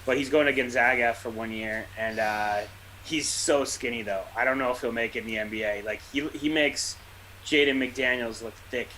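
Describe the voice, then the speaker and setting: This is a man chatting casually on a fan podcast. His voice is bright and forward. He rambles and slips in dry jokes, with a faint hiss under the recording. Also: mid-range voice, steady tone, moderate pace, poor audio. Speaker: podcast co-host. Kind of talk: casual chat.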